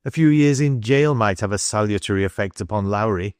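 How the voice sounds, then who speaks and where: Determined young engineer, low and firm, read by a man, dry studio. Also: a little fast, smooth, no room sound, lightly acted. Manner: firm and resolute.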